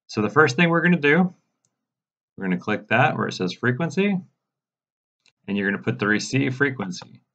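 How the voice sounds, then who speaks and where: A man giving a casual step-by-step software tutorial, walking viewers through settings in a mildly exasperated way. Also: medium pitch, big pitch swings, moderate pace, pauses often, muffled recording. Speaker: radio programming instructor. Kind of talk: screen-recorded software tutorial.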